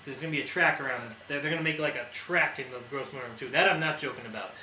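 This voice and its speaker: A man's voice: medium pitch, rapid-fire, pushed and bright. Young man rambling with an echoey, noisy room sound. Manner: rambling, laughing, ad-libbing jokes. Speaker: co-host. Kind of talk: casual chat. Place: indoor room.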